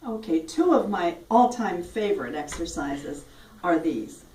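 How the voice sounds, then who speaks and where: A woman's voice: lowish voice, lively intonation, unhurried, a little mellow, slight background noise. Woman speech coach showing drills, friendly, sounds far off in a roomy space. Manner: friendly, demonstrative with tongue twisters. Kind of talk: instructional talk. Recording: roomy sound from a distant mic.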